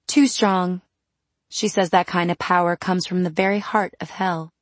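A woman's voice: on the low side, fairly even intonation, normal speed, no room sound, close to an everyday voice. A woman voicing a brash young female vampire clan leader who talks with cheeky self-confidence. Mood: serious.

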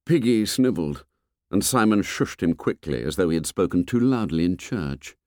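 A man narrating a novel in a measured, expressive storytelling voice. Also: deep voice, no echo, clean studio sound. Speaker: audiobook narrator. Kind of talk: scripted narration.

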